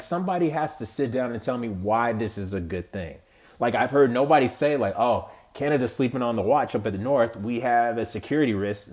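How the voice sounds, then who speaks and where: A man's voice: medium pitch, a little mellow. A man from the United States giving casual, exasperated political commentary as a podcast host, rambling with slang and frequent restarts.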